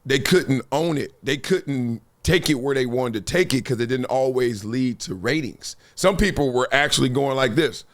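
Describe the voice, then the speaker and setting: A middle-aged man hosting a talk show, telling stories in a slangy, animated way and acting out quotes. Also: medium pitch, normal speed, hardly any pauses. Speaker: podcast host. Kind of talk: casual talk-show commentary.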